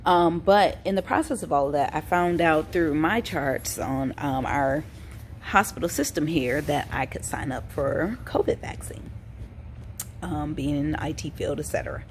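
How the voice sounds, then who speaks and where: A worn-out woman with a drawl talks casually to her camera, calling her viewers y'all and sighing between thoughts. Her voice sits fairly low. A faint hiss hangs under the recording. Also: moderate pace. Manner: chatty, informal, addresses viewers as y'all, frequent ums and sighs. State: tired, yawning; recovering from throat illness. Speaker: vlogger.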